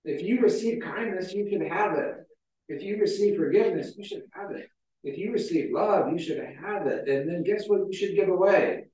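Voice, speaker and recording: A pastor preaches a casual, conversational sermon, chatty and full of stories, with frequent "like" and other fillers. His voice is high and mellow at a moderate pace, picked up by a far-off mic in a very echoey hall.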